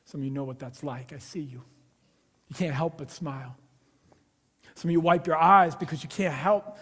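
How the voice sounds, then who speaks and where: A man preaching a Christmas Eve sermon in a church, conversational and personal, dropping to hushed lines and rising to loud, playful asides. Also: a little high. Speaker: pastor. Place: church sanctuary. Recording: long hall reverb of a church.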